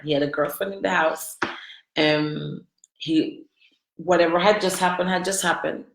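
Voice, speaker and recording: A woman's voice: on the low side, moderate pace, gravelly, pushed and bright. A woman telling her personal story to viewers, candid, emotional and confiding. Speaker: vlogger. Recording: roomy echo.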